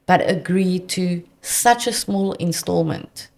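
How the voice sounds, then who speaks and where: A South African woman, a debt counsellor guest, telling earnest, animated client stories in conversation. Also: fairly low pitch, takes it slowly, vocal fry. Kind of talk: conversational storytelling.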